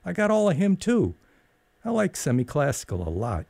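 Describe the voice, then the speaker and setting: A man voicing a shy, awkward young man who talks haltingly and trails off. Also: a little high, wildly swooping pitch, gravelly, darkish tone, no echo, pitched above the performer's own voice, exaggerated voice. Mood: bashful.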